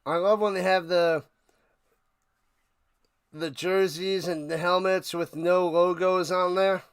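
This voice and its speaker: Man, high voice, gravelly, clear, excitable casual play-by-play host, loud bursts of hype. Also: slow. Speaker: watch party play-by-play host. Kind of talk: casual live play-by-play and chat with viewers. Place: home room, his man cave.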